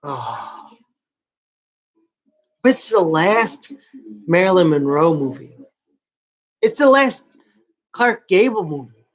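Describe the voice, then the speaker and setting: A man vlogging in a casual late-night monologue, rambling and confessional with hushed asides. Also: sits high, sing-song, slow, pauses often.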